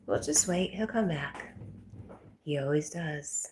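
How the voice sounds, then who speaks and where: Woman, low voice, unhurried, livestream host, reads chat aloud, slips into whispers. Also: a little hiss or hum. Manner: reads viewer comments aloud and chats to her dog; often drops to a soft whisper.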